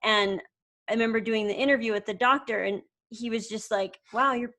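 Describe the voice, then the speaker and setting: A woman's voice: fairly high pitch, steady tone, brisk, fairly bright tone. A woman co-hosting a casual chat, speaking earnestly about her own experience. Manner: earnest, relating.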